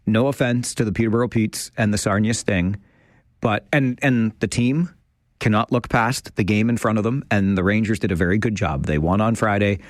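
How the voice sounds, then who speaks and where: Guy hosting a call-in radio show, kinda low voice, chatty and keen, dry close studio mic. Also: no echo. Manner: chatty, enthusiastic, self-deprecating. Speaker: talk radio host. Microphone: studio microphone.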